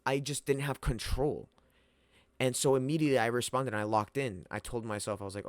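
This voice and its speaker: A man's voice: mid-range voice, a little fast, no echo. A young man casually retelling a wild personal story, rambling and swearing as he goes. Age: young adult. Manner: profane, rambling, animated retelling.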